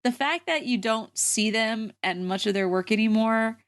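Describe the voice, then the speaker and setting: A woman's voice: fairly high pitch, normal speed. A young woman co-hosting a casual podcast chat, laughing often and filling her talk with "like.". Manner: giggly, says "like" often. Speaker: podcast co-host.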